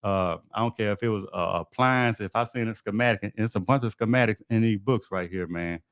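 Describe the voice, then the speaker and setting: A man's voice: fairly low pitch, brisk, dry recording, clean studio sound. A man, hosting a livestream and telling stories from his trade in a laid-back, folksy way. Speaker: HVAC technician and livestream host. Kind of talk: casual livestream storytelling.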